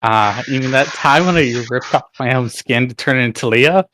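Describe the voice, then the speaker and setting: A man's voice: medium pitch, normal speed, fairly bright tone, no room sound. A man answering as a player in a tabletop game, laid-back and amused. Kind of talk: casual tabletop play.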